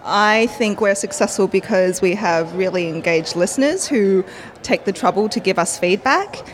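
A woman's voice: medium pitch, moderate pace, slight background noise. An Australian woman co-hosting a live podcast panel, with a dry, teasing manner. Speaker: podcast co-host. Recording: live show at a pen expo, audience.

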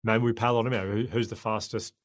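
Aussie man in his 40s, guest, talks fast, low voice, keeps restarting his sentences. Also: level tone, no echo. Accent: Australian. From Australia. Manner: impassioned, rambling with frequent restarts. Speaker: guest, former cricketer turned sprinter. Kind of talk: podcast conversation.

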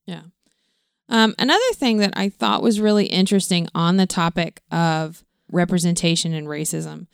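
A woman's voice: lowish voice, clean tone, no echo, studio quality. A middle-aged woman co-hosting a casual film discussion as a parent, explaining history and ideas in an informative, patient way. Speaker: co-host, parent.

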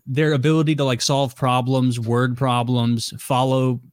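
A man's voice: mid-range voice, level tone, unhurried, clean tone, no echo. Blunt man in casual chat, dry. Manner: blunt, opinionated.

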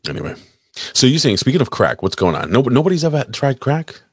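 A man's voice: medium pitch, big pitch swings, fast talker, breathy edge, no room sound, clean studio sound. A man co-hosting a podcast in casual chat, crude, profane and teasing. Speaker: podcast co-host.

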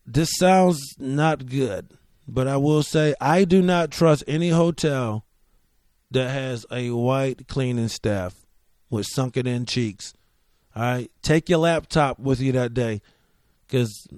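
A man's voice: medium pitch, slow pace, pauses often, a little mellow, no echo. Profane joking man, dry close mic. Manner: profane, joking, loose rambling delivery. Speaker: comedian podcast host. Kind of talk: casual solo storytelling.

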